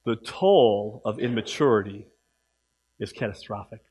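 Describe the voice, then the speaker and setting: A man preaching a sermon as pastor in a church, emphatic, swinging from loud exhortation to quiet asides. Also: lowish voice, measured pace, husky.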